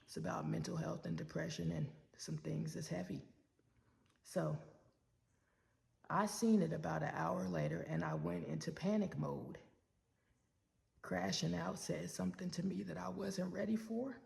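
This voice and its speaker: A woman telling an emotional personal story about her job straight to her viewers, speaking warmly and directly to them. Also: lowish voice, fairly even intonation, a little slow, creaky, long pauses. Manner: heartfelt, talks straight to viewers as "y'all". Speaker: work supervisor sharing a personal story.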